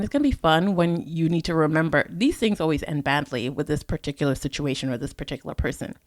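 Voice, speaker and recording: A woman's voice: low-pitched, no room sound, clean studio sound. Earnest motivational woman podcaster. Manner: earnest, encouraging, direct address to listener. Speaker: podcast host. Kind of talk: motivational solo podcast talk.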